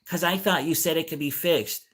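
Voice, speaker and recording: Whiny, insistent old neighbor lady, high and thin, as a man imitates her. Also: normal speed, fairly bright tone, husky. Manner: whiny, repeats herself. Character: frail elderly woman neighbor, fussy and insistent.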